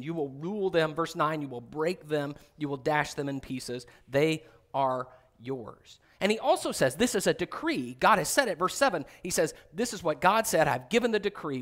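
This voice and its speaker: A middle-aged man preaching a sermon, reading scripture and acting out quoted voices with big jumps in pitch. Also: fairly bright tone. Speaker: pastor.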